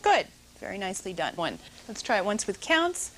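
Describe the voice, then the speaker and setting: A woman's voice: mid-range voice, big pitch swings, normal speed, a bit bright. A middle-aged woman teaching a dance notation class in a studio, coaching dancers and calling counts aloud.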